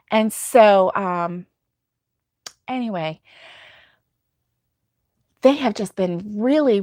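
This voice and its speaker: Woman host, unhurried and chatty, dry close sound, laughs easily. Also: mid-range voice, dry recording. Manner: chatty, rambling, laughs often. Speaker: crochet livestream host. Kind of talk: casual chat reading viewer comments.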